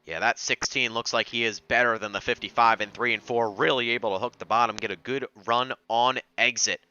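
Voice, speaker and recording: Bright, crisp male race analyst. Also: mid-range voice, brisk. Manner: steady, analytical race calls. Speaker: race commentator. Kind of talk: sim racing commentary. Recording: dry, slightly dull lo-fi mic.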